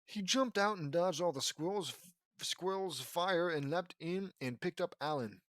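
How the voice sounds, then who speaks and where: Male reader, slightly high voice, dry close sound, dry mocking narration with irritated asides. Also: measured pace, fairly bright tone, no echo. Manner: sarcastic asides, frustrated commentary. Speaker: reader of fan fiction. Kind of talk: mocking audiobook reading.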